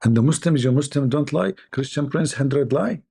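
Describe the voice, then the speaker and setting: A man hosting a live show who mocks a video in sarcastic, halting, full of fillers and repeats. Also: mid-range voice, lively intonation, gravelly, warm tone, slightly rough. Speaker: host. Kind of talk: mocking live commentary.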